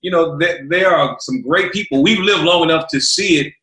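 A man hosting a panel talk show, introducing guests and asking questions in a measured way with many fillers. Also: on the high side, bright, forceful tone, reverberant.

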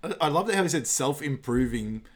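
A man's voice: fairly high pitch, animated, fairly quick. Chatty man recapping a movie. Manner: chatty, laughs often, retells scenes. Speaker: podcast co-host. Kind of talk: casual movie recap chat.

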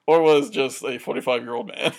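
A woman's voice: very deep voice, fairly quick, darkish tone. A woman co-hosting a podcast, recapping a TV episode in casual chat, laughing often and drifting into side stories. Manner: laughs often, chatty, digressive. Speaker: podcast co-host.

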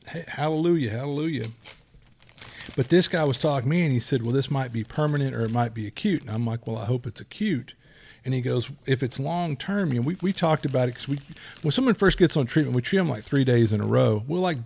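A man's voice: medium pitch, darkish tone. A middle-aged man co-hosts a casual podcast in an ordinary mid-range voice. He rambles through anecdotes and slips into quoted dialogue as he goes. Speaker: podcast co-host.

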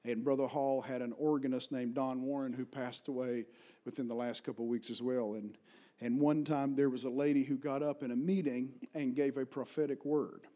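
A middle-aged man with an Appalachian accent preaching a Pentecostal sermon, moving from hushed storytelling to loud, fervent calls to the congregation. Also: medium pitch, steady tone, moderate pace. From Virginia, Appalachian Mountains. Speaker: pastor.

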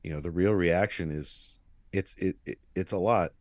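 A man's voice: low-pitched, moderate pace, no room sound, studio quality. A man co-hosting a podcast, talking through a film in a thoughtful, hedging, casual way. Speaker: podcast co-host. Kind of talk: casual movie discussion.

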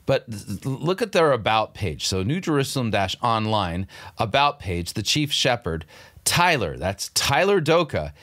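An older man with a mid-range voice hosts a commentary show, picking apart video clips. He talks in a sardonic, incredulous way, pausing to scoff. His delivery stays conversational and steady. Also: mid-range voice. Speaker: show host.

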